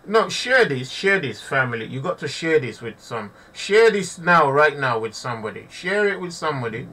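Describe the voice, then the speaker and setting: A man's voice: medium pitch, big pitch swings, fairly quick, bright, forceful tone, distant mic. A man giving impassioned live commentary to his audience, preaching and repeating himself, often calling listeners family. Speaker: online preacher.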